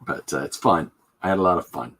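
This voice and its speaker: Low husky-voiced man demoing comic art. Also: fairly quick, a bit bright. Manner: rambling and jokey, many fillers and restarts. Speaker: comic artist hosting a live drawing stream. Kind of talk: casual live drawing demonstration.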